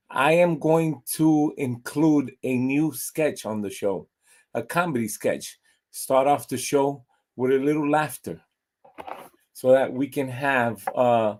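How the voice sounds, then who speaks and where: A man who hosts a pet show from his home and talks to camera in a loose, rambling way, full of fillers and asides. His voice sits at an ordinary middle pitch and moves at an unhurried, slow pace. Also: darkish tone. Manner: rambling and casual, with many fillers. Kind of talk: casual vlog chat and joke telling.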